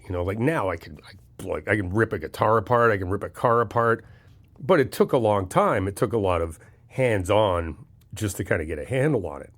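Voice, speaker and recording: Male best friend for a comfort audio, animated and frank, casual swearing, reassuring. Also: fairly low pitch. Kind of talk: comfort audio role-play.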